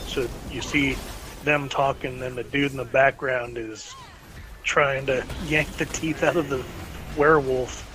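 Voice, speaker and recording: Man, slow and rambling, recaps an episode over a faint hiss; acts out lines. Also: medium pitch, fairly even intonation. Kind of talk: casual chat recapping a cartoon episode.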